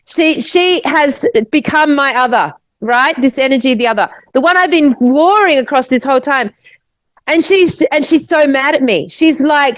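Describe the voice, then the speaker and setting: An Australian woman, a podcast co-host, telling a long story in casual chat, animated and swearing, restarting her sentences. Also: sits high, normal speed, no room sound.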